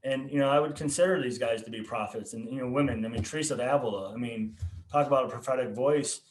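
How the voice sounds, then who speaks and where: Talking fast in a medium-pitched voice, a male pastor and podcast host earnestly recounts his personal testimony in a casual conversation. He restarts his words frequently, and the room is echoey.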